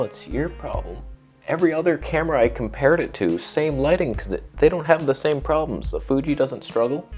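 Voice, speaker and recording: A man's voice: mid-range voice, darkish tone. A man giving a comedic camera review, sarcastic and rambling with jokey asides.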